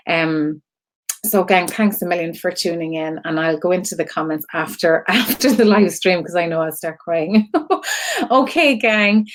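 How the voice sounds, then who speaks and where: Emotional Irish woman hosting a live stream. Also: fairly low pitch. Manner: earnest, rambling, with fillers and frequent laughs. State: emotional, close to tears. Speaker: host of an online creative community. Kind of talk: casual live-stream talk to viewers.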